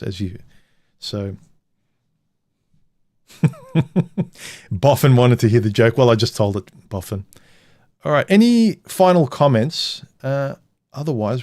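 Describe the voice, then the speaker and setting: A man's voice: medium pitch, a little mellow, dry recording, studio quality. A man hosting a live stream, chatting casually and bluntly with his viewers, cracking jokes and giving frank dating advice. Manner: blunt, joking, talks straight to the chat.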